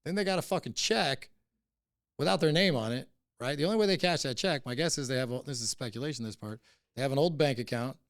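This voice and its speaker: Fast-talking gravelly man, blunt and profane. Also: mid-range voice, a bit bright, dry recording, studio quality. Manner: blunt, heavy swearing, heated. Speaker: cannabis company CEO, podcast guest. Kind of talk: casual interview storytelling.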